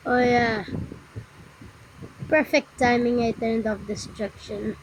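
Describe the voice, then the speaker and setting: A woman giving casual game commentary, talking through moves in a rambling, halting way and often stopping to apologize. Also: on the high side, little pitch movement, a little hiss or hum, rough recording. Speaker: gameplay tutorial narrator.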